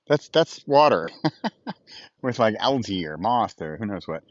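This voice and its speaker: Hyped-up man with a lively voice. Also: lowish voice, a little slow, no echo, muffled recording. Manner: hyped up, playful and exclamatory. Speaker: vlogger. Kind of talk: casual morning vlog. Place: outdoors by a small pond. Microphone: Bluetooth headphones.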